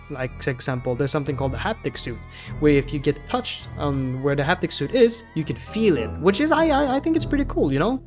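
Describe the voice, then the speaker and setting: A man with a fairly high voice rants in a loose, rambling way, swearing freely and sounding fed up. He talks like a gaming YouTuber doing commentary, with faint music playing under him. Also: a little mellow. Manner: rambling, profane, exasperated. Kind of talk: ranting commentary.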